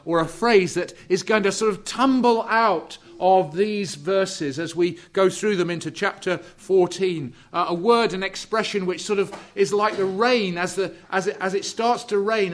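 A man preaching a sermon, slow and deliberate, drawing out key words and dropping to a hush for emphasis. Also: high-pitched. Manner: drops to hushed, quiet emphasis on key words.

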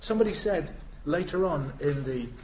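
A man's voice: a little high, animated, moderate pace, a little mellow, a little hiss or hum. A British man preaching a sermon, solemn and emphatic, in a church. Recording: roomy church hall.

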